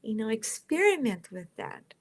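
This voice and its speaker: A woman's voice: a little high, sing-song, moderate pace. A woman from Brazil, a holistic nurse guesting on a podcast, speaking in an encouraging way and laughing easily. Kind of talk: casual interview chat.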